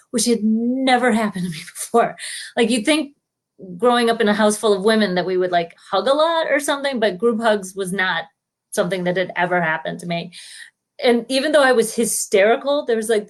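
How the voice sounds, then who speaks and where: A woman telling comic personal stories live from home, animated and laughing often as she acts out what people said. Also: on the high side. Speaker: storyteller. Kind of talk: spontaneous comic storytelling.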